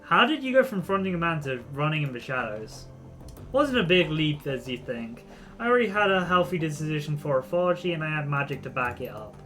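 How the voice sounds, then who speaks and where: A man's voice: a little high, very animated, a little fast, fairly bright tone, soft background music. A man voicing a blunt, weary old ex-punk shaman. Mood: wistful. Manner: blunt, rough-edged and world-weary. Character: weathered older male ex-punk shaman mercenary. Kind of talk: reading game dialogue aloud.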